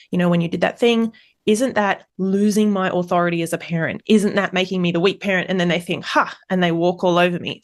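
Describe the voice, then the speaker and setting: A woman hosting a podcast, her voice a touch low. She puts her questions in a loose, conversational way, with fillers and restarts. She sounds easygoing and curious. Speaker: podcast host. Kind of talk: podcast interview.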